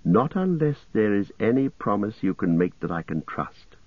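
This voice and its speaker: A man's voice: fairly low pitch, big pitch swings, no room sound, phone-quality sound. Man doing a stern, grave hobbit. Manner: firm, measured. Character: stern, grave young male hobbit leader.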